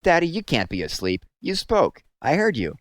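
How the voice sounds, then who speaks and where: A man voicing an eager, excitable little baby owl boy in a high, whiny voice. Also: a little fast, no echo.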